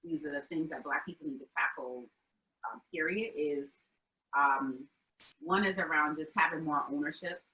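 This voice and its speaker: Low-voiced, bright-toned woman guest from Albany. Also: moderate pace, low-quality recording. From Albany, New York. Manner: thoughtful, frank, with many fillers. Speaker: interview guest, founder. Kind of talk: casual conversational interview.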